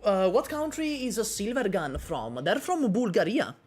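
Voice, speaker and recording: A woman's voice: mid-range voice, moderate pace, slightly rough, faint music behind. A woman from Italy with an Italian accent, chatting casually and jokingly with her stream viewers. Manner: animated, joking, talks straight to chat.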